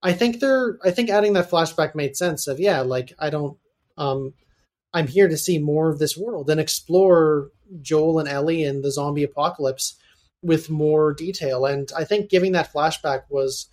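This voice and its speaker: A man co-hosting a podcast in casual chat, thoughtful and hesitant with pauses. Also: a little high. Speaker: podcast co-host.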